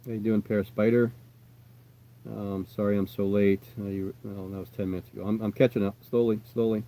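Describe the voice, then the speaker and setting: An American man chatting casually on a livestream as a tarantula keeper, rambling and reassuring, often trailing off quietly. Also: fairly low pitch, flat delivery, a little fast. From United States. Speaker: tarantula keeper answering live chat.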